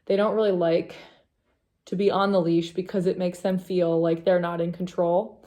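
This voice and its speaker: A woman's voice: lowish voice, level tone, normal speed, dark tone. A young woman hosting a knitting vlog, chatting casually to camera in a rambling way, with many fillers and asides to her dog.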